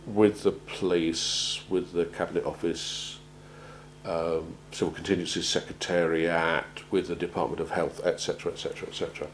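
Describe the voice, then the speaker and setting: A man gives a measured talk on crisis planning, often pausing and repeating words as he goes. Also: low voice, little pitch movement, a little hiss or hum, low-quality recording. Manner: measured, halting, repeats words while finding them. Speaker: presenter on organisational crisis planning. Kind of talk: prepared talk to an audience.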